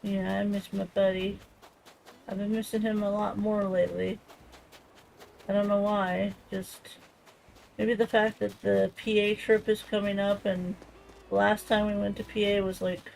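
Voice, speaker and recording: A woman streamer chatting casually and rambling softly while she plays a game. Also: mid-range voice, little pitch movement, moderate pace, vocal fry, slight background noise, low-quality recording. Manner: rambling and soft-spoken, full of fillers.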